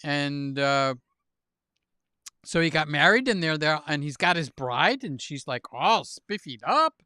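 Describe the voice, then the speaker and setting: A man hosting a livestream, chatting with guests and telling silly jokes in an animated way while laughing at them. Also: a little high, a little slow, smooth, dry recording, studio quality. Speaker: livestream host. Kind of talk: casual chat with guests.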